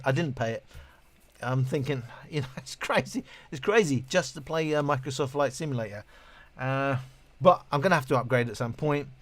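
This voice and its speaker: With a medium-pitched voice and no room sound, this British streamer reads out messages from his viewers and chats loosely, frequently starting over and poking fun at himself with a laugh.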